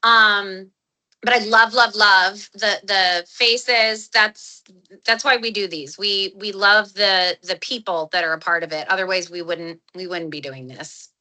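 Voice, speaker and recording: A woman's voice: mid-range voice, steady tone, a little slow, sharp tone, low-quality recording. A woman hosting an online community call in a chatty, enthusiastic way, often restarting her sentences, speaking into a phone. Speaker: webinar host.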